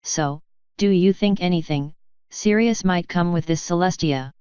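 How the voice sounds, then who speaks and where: A woman's voice: fairly low pitch, a little slow, darkish tone, smooth, dry recording, dull audio, lightly acted. Discord, a woman reading as a teasing male chaos spirit. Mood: playful. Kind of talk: fanfiction audiobook reading.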